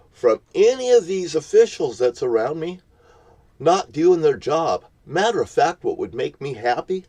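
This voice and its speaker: A man's voice: mid-range voice, darkish tone. A man ranting at the camera from his parked vehicle in a profane, threatening, preachy tone. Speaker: vlogger.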